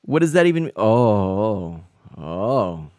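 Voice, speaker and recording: A man's voice: lowish voice, big pitch swings, takes it slowly, a little mellow, no echo, studio quality. A man live-streaming a game, chatting with viewers and exclaiming in flustered, laughing bursts.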